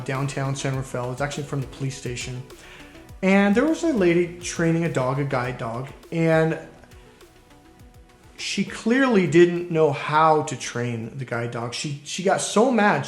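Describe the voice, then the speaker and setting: Slightly high-voiced male dating coach, echoey. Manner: animated storyteller who acts out quotes. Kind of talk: coaching talk to camera.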